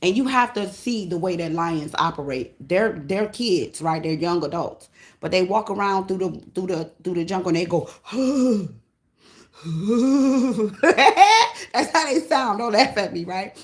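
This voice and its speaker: A woman giving a casual tarot reading, blunt and profane, with an animated delivery. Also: medium pitch, a little slow. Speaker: tarot reader. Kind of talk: casual spiritual reading monologue.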